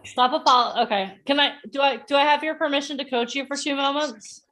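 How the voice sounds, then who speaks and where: A woman's voice: high voice, brisk, a bit bright. Upbeat woman hosting a live event. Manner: enthusiastic, encouraging. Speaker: event host and coach.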